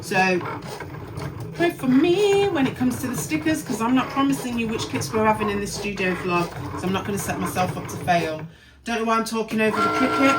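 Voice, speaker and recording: A woman's voice: medium pitch, very noisy. Tired woman muttering over crafts. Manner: chatty, self-mocking, muttering to herself while working. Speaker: craft studio owner. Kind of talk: casual crafting vlog narration. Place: home craft studio.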